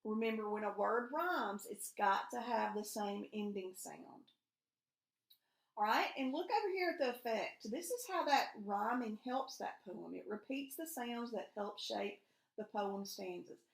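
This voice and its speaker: In an echoey room, a woman elementary school teacher leads a recorded remote reading lesson, patiently guiding young pupils with questions. Her mid-range voice has lively intonation and vocal fry, and she never rushes.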